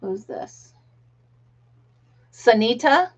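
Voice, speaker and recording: A woman's voice: a little high, very animated, very slow. Chatty woman host, lo-fi stream. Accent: American. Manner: chatty, reads viewer comments aloud, laughs often. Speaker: livestream host. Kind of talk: casual live chat. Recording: dull lo-fi livestream audio.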